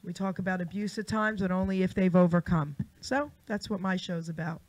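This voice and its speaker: A woman's voice: lowish voice, a little fast, darkish tone. A woman who hosts her own radio show, chatting in a friendly, upbeat way as she describes it in the studio. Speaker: radio show host, guest. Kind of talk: casual studio chat.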